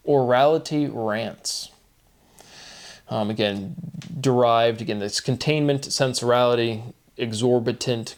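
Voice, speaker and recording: Guy musing out loud solo, slow questioning, average pitch. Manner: slow, questioning, breaks into laughter. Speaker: solo video host. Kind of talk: musing monologue on word forms.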